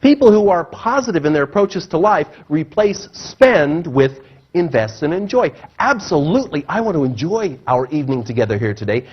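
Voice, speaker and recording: A man giving a seminar talk to a live audience, animated and acting out the voices he quotes. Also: moderate pace, husky. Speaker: motivational speaker. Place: seminar room. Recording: muffled low-fidelity recording.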